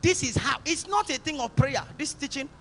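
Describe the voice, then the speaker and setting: High gravelly Nigerian pastor preaching. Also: male voice, animated, moderate pace, slight background noise. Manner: preaching with sudden loud exhortations and soft urgent passages. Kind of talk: sermon. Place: church service.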